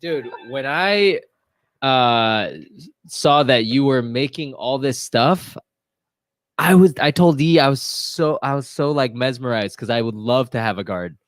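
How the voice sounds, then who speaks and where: A man's voice: medium pitch, measured pace, no echo. A young man co-hosting a casual chat, laid-back and rambling, laughing easily. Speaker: YouTube co-host.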